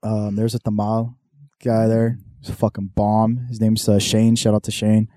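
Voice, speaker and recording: A man's voice: fairly low pitch, flat delivery, normal speed, mellow, no echo, studio quality. A young man, hosting a podcast and telling a story in casual chat, swearing a lot and acting out the voices of people in it. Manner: laid-back storyteller, swears a lot, acts out quotes. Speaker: podcast host.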